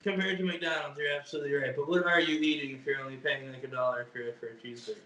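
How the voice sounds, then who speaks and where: A man's voice: a little high, fairly even intonation, very fast, sharp tone, far from the mic. Easygoing young man in an echoey room. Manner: easygoing, hesitant with fillers. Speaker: bodybuilder guest. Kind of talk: casual interview chat.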